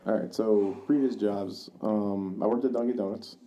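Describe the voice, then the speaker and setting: A podcast co-host with a low, mellow voice tells a rambling story in casual chat, at a moderate pace with fairly even intonation. He swears freely, acts out quoted dialogue and uses many fillers and restarts, with a little hiss or hum in the audio.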